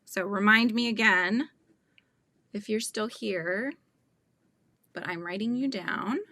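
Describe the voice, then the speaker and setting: A woman chatting on a casual live stream, laughing often and losing track of her own thoughts. Her voice is bright and crisp. The sound is close and dry. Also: medium pitch, slow, no room sound. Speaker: livestream host.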